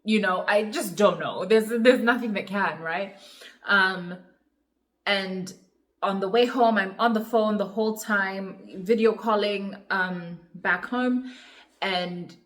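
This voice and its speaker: A young adult woman talks through a personal Q&A vlog. She recalls things in a reflective, emotional way and pauses often between thoughts. Her voice sits at an ordinary middle pitch. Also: a bit bright. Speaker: vlogger.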